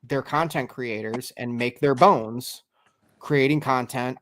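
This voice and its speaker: A man hosting a casual podcast chat, animated and swearing freely, his voice jumping up when he gets excited. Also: medium pitch, takes it slowly. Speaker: podcast host.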